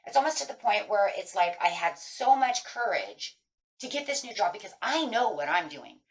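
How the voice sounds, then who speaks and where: A woman's voice: mid-range voice, sing-song, normal speed. A middle-aged woman giving a chatty, casual tarot reading, breaking into anxious inner voices. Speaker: tarot reader.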